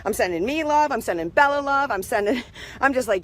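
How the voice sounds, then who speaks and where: A woman with a high, bright-sounding voice gives a casual spiritual pep talk. She tells her story in an animated way and keeps checking in with her listeners. Her voice swings between soft asides and loud bursts. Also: fairly quick. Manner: animated, keeps asking "right?". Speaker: motivational speaker.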